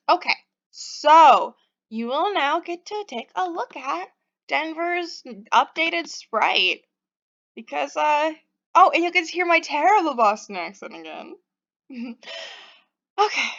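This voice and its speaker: A woman's voice: sits high, big pitch swings, takes it slowly, long pauses, a bit bright, highs cut off. A woman hosting a preview of her own game, chatting in a rambling, self-deprecating way and reading the narration. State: just woke up. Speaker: game developer and host.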